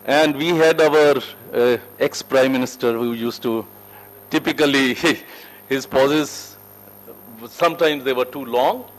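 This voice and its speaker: A man teaching a corporate soft skills class, emphatic and lively, who asks the group questions and answers them himself. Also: takes it slowly, poor audio. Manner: emphatic, lively teacher with wide shifts in pitch and loudness. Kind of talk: classroom lecture. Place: training room with a group.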